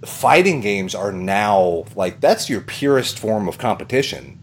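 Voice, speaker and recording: A man's voice: on the low side, lively intonation, measured pace, a little hiss or hum. A man hosting a podcast, talking in a rambling casual way, with plenty of swearing, fillers and laughter. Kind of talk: casual chat.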